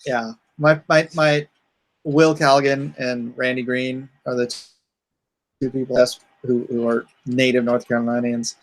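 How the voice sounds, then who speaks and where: A man's voice: medium pitch, level tone, measured pace, poor audio. A man chatting casually as a guest, joking and laughing often. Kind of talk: casual chat.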